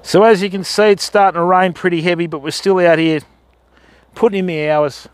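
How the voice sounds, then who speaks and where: A man's voice: sits high, steady tone, brisk. An Australian man live-streaming outdoors at night in the rain, chatting casually with his viewers and calling them fam.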